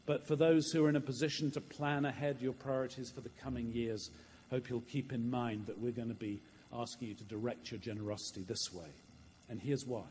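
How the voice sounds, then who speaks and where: A man's voice: medium pitch, a little mellow, in a large hall, a little hiss or hum. A man preaching a sermon in a church, earnest and storytelling, often repeating words as he goes.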